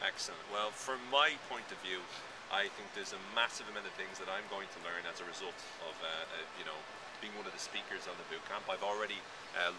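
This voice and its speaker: Male blog host interviewing outdoors. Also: low-pitched. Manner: upbeat, encouraging questions. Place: outdoors in an urban area. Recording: outdoor street noise with passing traffic.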